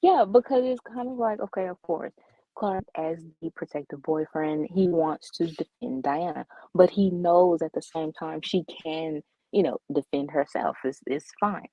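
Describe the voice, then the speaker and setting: A woman co-hosting a casual comic book podcast, speaking in a measured, opinionated way on a dull, lo-fi recording. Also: fairly low pitch, dry recording. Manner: measured, opinionated, frustrated ranting. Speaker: podcast co-host. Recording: dull lo-fi dry mic.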